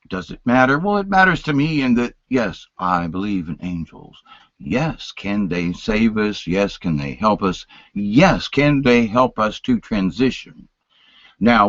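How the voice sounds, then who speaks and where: A man telling a personal story in an emotional, animated way, moving between loud and hushed. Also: mid-range voice, no room sound. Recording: dull, dry lo-fi sound.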